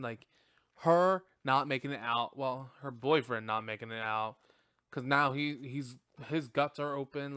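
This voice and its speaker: A man hosting a podcast, reviewing a film in casual chat, profane and animated, laughing often. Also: mid-range voice, smooth, dry recording, studio quality. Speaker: podcast host.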